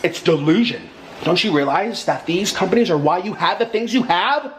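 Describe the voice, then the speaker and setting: A man's voice: high-pitched, animated, normal speed, a little hiss or hum, rough recording. A man ranting in a casual vlog at home, indignant and exasperated, with a sarcastic edge. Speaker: vlogger. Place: at home in his apartment.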